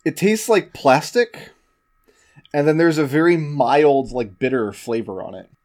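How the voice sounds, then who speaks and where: A young man co-hosting a casual podcast chat, animated and jokey, drawing out his stories. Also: on the high side, unhurried. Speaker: podcast co-host.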